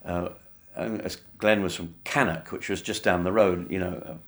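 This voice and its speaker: A man recounting a story in a documentary interview, measured and wry, with lots of "uh" fillers. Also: deep voice, steady tone, fairly bright tone. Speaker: interviewee, musician.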